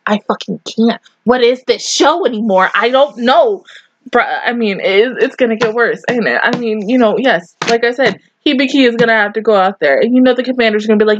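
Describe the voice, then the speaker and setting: A woman's voice: on the high side, moderate pace, dry recording, lo-fi sound. A young woman hosting an anime reaction video, rambling emotionally and swearing a lot in casual commentary.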